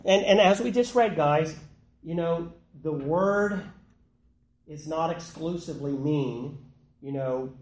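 A man's voice: a little high, takes it slowly. A man leading a group Bible study, asking questions and calling on people to read. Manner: animated, calls on people, asks the group questions. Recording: echoey room with some background noise.

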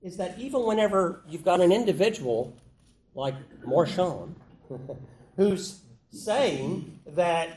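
A man with a somewhat high voice teaches a Bible study group in a casual, conversational way and keeps asking them questions. The room is echoey, with a faint hiss underneath. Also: animated, slow pace, darkish tone.

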